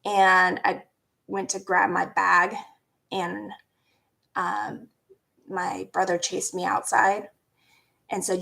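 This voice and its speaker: A woman's voice: mid-range voice, level tone, slow pace, vocal fry, long pauses, sharp tone. A young woman, telling a personal story in a candid, rambling way, with swearing and laughter. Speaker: vlogger.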